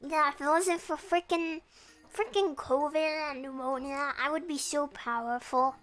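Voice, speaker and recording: A woman's voice: high voice, steady tone, measured pace, a bit bright, soft background music. A young woman chatting casually and playfully with her viewers on a stream from her room. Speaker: VTuber streamer.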